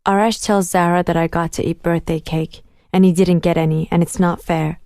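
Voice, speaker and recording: A woman reading a first-person audiobook in a measured, inward storytelling manner. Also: fairly low pitch, steady tone, warm tone, no room sound, studio quality. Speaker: audiobook narrator.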